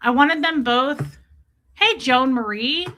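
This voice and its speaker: A woman's voice: high-pitched, expressive, slow pace, sharp tone. A woman chatting casually on a livestream, gushing over jewelry and greeting viewers by name. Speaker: livestream host.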